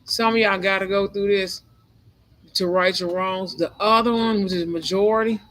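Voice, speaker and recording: A man's voice: high voice, steady tone, moderate pace, fairly bright tone, low-quality recording. A man giving a spiritual tarot reading monologue, rambling and emphatic, repeating phrases again and again. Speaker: tarot reader.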